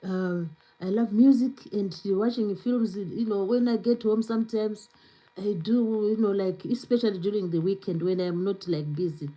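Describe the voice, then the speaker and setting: Chatty woman with an accent, mellow voice. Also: medium pitch, fairly even intonation, moderate pace, poor audio. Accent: non-native English accent. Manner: chatty, many fillers, reads viewer comments aloud. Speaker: livestream host. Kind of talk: casual live-stream chat.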